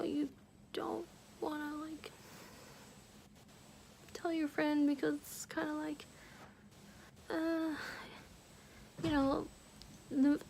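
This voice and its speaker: High, gravelly young woman half-whispering. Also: a little hiss or hum. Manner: hushed, often slipping into a whisper; halting, heavy use of "like". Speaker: vlogger. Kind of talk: personal storytelling.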